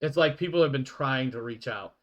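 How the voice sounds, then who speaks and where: A man's voice: medium pitch, a little fast. A man narrating a tabletop game as game master, chatty and self-deprecating, laughing often.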